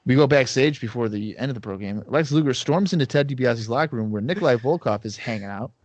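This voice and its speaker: A man's voice: medium pitch, fast talker, a little mellow, dull audio. Sarcastic podcast co-host man. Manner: sarcastic, summarizing recaps. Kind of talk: casual chat.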